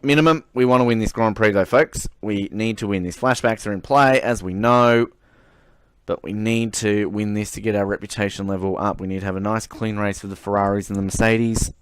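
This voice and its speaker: A young man giving casual, chatty commentary over his racing game career, swearing now and then and getting excited at the starts. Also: fairly low pitch, brisk, clean tone, no echo, clean studio sound. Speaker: gaming channel host. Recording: game engine noise behind voice.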